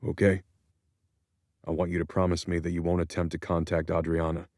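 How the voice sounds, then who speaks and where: A man's voice: low-pitched, monotone, brisk, darkish tone, no echo, studio quality. A man voicing an angry young adult son, clipped and confrontational in an audiobook. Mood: cold. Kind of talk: audiobook character voice.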